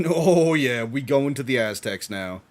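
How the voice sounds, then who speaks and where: Excitable man reacting on stream. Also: medium pitch, measured pace. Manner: excitable, laughs often, swears casually. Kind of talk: live watch-along reaction commentary.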